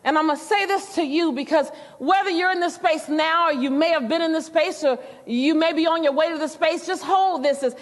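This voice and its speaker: High-voiced woman speaking in a hall. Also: brisk, hardly any pauses. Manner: animated storyteller, talks straight to the crowd. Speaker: motivational speaker. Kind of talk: motivational speech to a live audience.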